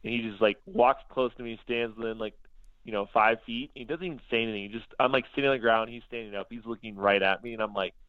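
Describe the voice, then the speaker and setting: A man's voice: mid-range voice, quick pace, no echo. A man, a podcast guest, telling a story casually and acting out the dialogue he quotes. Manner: lively, acts out quoted dialogue. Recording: dull lo-fi sound.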